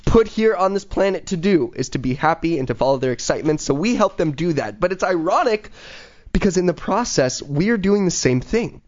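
A man with a somewhat high voice hosts a casual podcast and talks eagerly about following your excitement. He drifts through ums and you-knows as he pushes his message. The recording sounds dull and lo-fi. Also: fairly quick. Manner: eager, motivational, many fillers. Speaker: podcast host.

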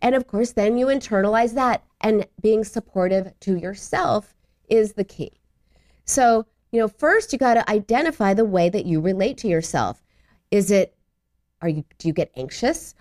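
A middle-aged woman in a studio giving conversational advice, acting out quoted voices and laughing at herself. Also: moderate pace. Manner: acts out little voices and quotes with lively pitch jumps. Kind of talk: advice talk on self-compassion.

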